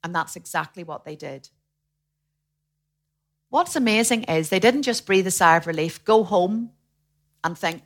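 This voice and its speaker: A woman preaching a sermon in a lively way, acting out the voices of the people she quotes. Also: lowish voice, measured pace, long pauses. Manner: animated, acts out quoted voices.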